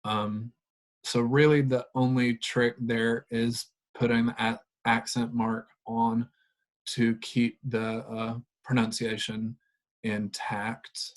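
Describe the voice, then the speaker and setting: Slow, flat-voiced male Spanish teacher. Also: mid-range voice. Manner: relaxed, explanatory, many fillers. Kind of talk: recorded grammar lesson.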